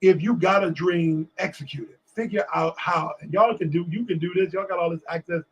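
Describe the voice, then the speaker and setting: Animated male guest from D.C., high and husky, acts out every quote. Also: fairly quick, low-quality recording. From Washington, D.C. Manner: animated storyteller acting out quotes. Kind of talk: storytelling in a casual interview.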